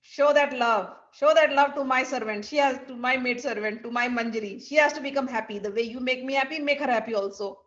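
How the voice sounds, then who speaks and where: A woman doing a mischievous young goddess, teasing and insistent, rather high voice, muffled lo-fi sound. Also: expressive, normal speed. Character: Radha, divine young woman, mischievous and commanding. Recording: dull lo-fi recording.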